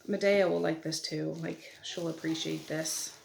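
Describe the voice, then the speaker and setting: A middle-aged woman chatting casually while she opens mail at home, with soft laughs between remarks. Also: low-pitched, steady tone, unhurried, gravelly. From Nova Scotia, Canada. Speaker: vlogger. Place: family home at night. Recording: echoey room, audible background noise.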